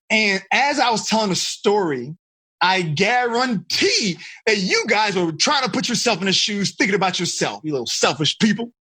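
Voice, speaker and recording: Husky man coaching teens. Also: high voice. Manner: animated, direct and teasing, calls on listeners by name. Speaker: teen life coach. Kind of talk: interactive coaching talk to teenagers.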